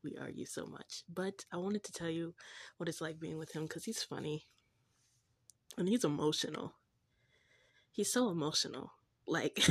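A young woman talks in a casual confessional vlog, gushing and giggly with slangy phrasing. Her voice is breathy and husky and sits somewhat low, and she takes her time, drawing her words out slowly. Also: a bit bright. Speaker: faith vlogger.

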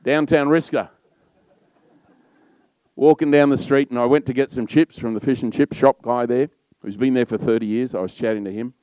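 A middle-aged man with an Australian accent, a pastor preaching a sermon in a loud, warm storytelling manner. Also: mid-range voice, steady tone, normal speed, dry recording.

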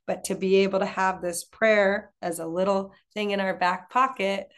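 A woman co-hosting a relaxed conversation. She talks in a loose, chatty way, full of "like" and restarts. Her voice sits at an ordinary medium pitch. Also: normal speed. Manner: chatty, many fillers and restarts. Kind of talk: casual chat.

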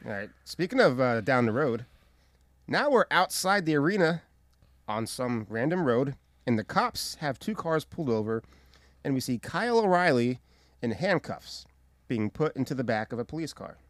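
Animated, swearing male podcast co-host. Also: mid-range voice, normal speed, no room sound, clean studio sound. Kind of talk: casual wrestling recap chat.

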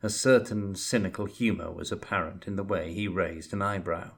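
A man reading a fantasy novel aloud as narrator, in a measured, even storytelling manner. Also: deep voice, creaky, slightly rough. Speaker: audiobook narrator.

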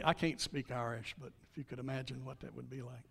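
A man preaching a sermon as pastor, in a conversational way with rhetorical questions, often dropping to quiet emphasis. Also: medium pitch, brisk, vocal fry, in a large hall. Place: church sanctuary.

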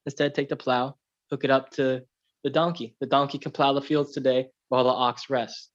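A man's voice: mid-range voice, little pitch movement, normal speed, highs cut off, lightly acted. A man voicing a sly male farmer handing out orders in a matter-of-fact way, in a fable told on a podcast. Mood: bossy.

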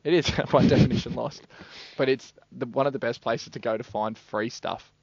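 A man's voice: medium pitch, normal speed, gravelly, highs cut off. A man with an Australian accent co-hosting a radio show, telling jokey stories and laughing often. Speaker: radio co-host. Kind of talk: casual radio chat.

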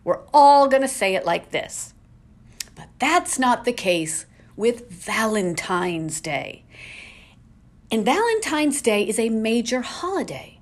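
Slow, lively-voiced woman podcaster. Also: fairly high pitch. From New England. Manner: exasperated, rhetorical questions. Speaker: podcast host. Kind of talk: casual solo podcast rant. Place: home.

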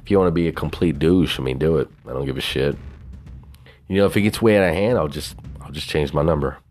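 A man's voice: extremely low pitch, fast, darkish tone. A man hosting his own podcast in a casual, rambling, boastful and profane way, with a Southern US twang. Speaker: podcast host. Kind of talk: casual solo podcast talk.

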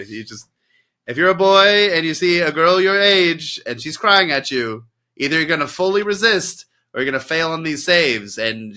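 A young man co-hosting a casual anime talk, joking and animated. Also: a little high. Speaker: podcast co-host.

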